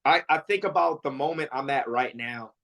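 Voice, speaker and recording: A man's voice: medium pitch, moderate pace, creaky. A man, a fighter, answering interview questions in casual talk, acting out quotes with lots of fillers. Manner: animated storytelling, acts out quotes; frequent fillers and restarts. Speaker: MMA fighter, interview guest.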